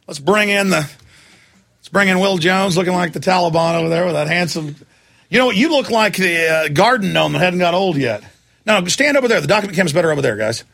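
A man hosting a live talk radio show, loud and hyped, shouting during a fundraising pitch. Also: expressive, fast talker, creaky.

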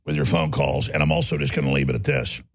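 A man's voice: medium pitch, big pitch swings, fast, vocal fry. A man hosting a talk radio show, delivering an emphatic, bellowing rant. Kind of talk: ranting talk radio monologue.

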